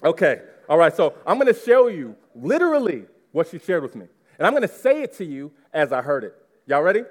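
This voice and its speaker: A man in his thirties, a pastor preaching a sermon and speaking straight to his congregation in an animated way. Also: a little high, fairly quick. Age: 30s. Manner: animated, addresses the congregation directly. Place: church before a live congregation.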